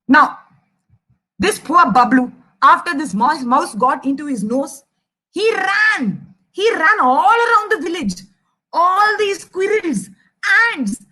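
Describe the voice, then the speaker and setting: Lively high-voiced Indian woman telling a kids' story. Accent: Indian English. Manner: animated, addresses kids directly. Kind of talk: children's storytelling.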